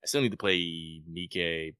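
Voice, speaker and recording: A man co-hosting a podcast, chatting casually in an animated, joking way. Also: sits low, smooth, no room sound, studio quality. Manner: animated, joking, quick to laugh. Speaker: podcast co-host. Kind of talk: casual chat.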